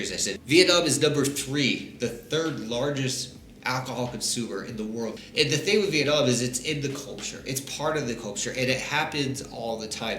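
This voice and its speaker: Bright-voiced chatty man, echoey room. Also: medium pitch, a little hiss or hum. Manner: chatty, laughs between points, loose and informal. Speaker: travel vlogger. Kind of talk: casual talk to camera. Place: living in Vietnam.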